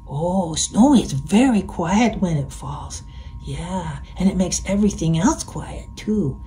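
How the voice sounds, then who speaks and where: Woman storyteller for kids, slow, mellow, playful, sing-song. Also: medium pitch, animated, a little hiss or hum, rough recording. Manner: gentle and playful, inviting the listener. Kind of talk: reading a picture book to children.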